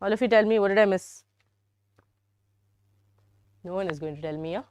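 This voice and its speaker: A woman's voice: medium pitch, normal speed, a little mellow, a little hiss or hum. A young woman with an Indian English accent teaching a live biology class, chatty and teasing, often turning to her students. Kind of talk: live online biology lesson.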